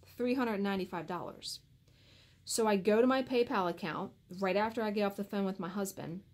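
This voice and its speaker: Casual woman vlogger, animated and exasperated storyteller, medium pitch. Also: a little fast. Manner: animated, exasperated retelling with acted-out quotes. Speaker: cross stitch vlogger.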